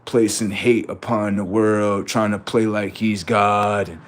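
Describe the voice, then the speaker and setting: Guy ranting on his livestream, kinda low voice, keeps firing questions at chat, slangy and preachy. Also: little pitch movement, measured pace, a little hiss or hum. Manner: preachy, talks in rhetorical questions and street slang. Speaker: livestream host. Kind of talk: confrontational livestream monologue.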